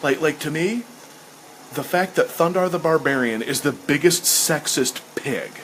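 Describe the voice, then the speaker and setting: A man's voice: fairly high pitch, measured pace, a bit bright, slight background noise, low-quality recording. A man hosting a casual chat, rambling with enthusiasm and acting out lines he quotes. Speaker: host. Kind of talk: casual chat while sketching.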